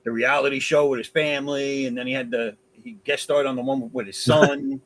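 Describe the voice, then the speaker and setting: Halting man recalling stories. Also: medium pitch, fairly even intonation, fairly bright tone, rough recording. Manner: halting, repeats words as he recalls. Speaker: panelist on a livestream. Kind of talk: casual chat.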